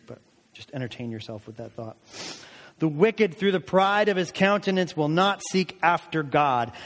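A man preaching a sermon. He reads scripture aloud with deliberate emphasis, then explains it in plain, conversational words. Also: mid-range voice. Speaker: pastor. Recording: long reverb of a large hall.

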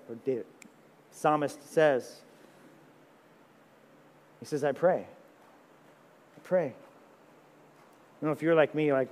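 A man pastor delivers a sermon with dramatic swings between loud pleading and quiet intimacy. His voice sits a little high. A long reverb trails his words through the hall.

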